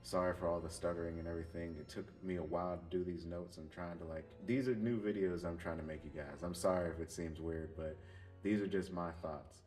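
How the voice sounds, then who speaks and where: A man's voice: sits low, fairly even intonation, brisk, darkish tone. A man giving an earnest, opinionated commentary on a show in a casual vlog, apologetic and talking through restarts. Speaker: YouTuber discussing a show. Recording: distant mic with faint background music.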